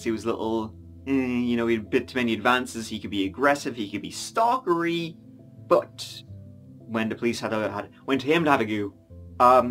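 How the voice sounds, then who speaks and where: A man tells a true crime story in a relaxed narrating voice at a middle pitch. He drops in small offhand asides as he goes. Faint music plays under his voice. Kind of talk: scripted narration.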